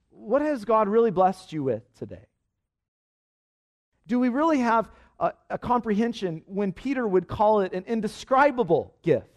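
Pastor guy giving a sermon, pretty high voice, keeps asking questions and repeating himself for punch. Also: darkish tone. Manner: earnest, rhetorical questions, repeats phrases for emphasis. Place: church service.

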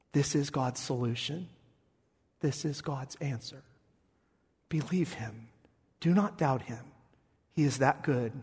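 A man preaching a sermon as pastor, moving from quiet, reflective talk to loud, shouted passages. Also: mid-range voice, husky. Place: church. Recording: long reverb in a church hall.

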